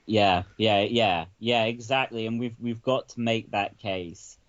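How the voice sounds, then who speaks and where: A man's voice: lowish voice, fairly even intonation, unhurried, a bit bright, highs cut off. A man hosting a comedic podcast, rambling with lots of stammered restarts, swearing and laughter. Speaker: podcast host.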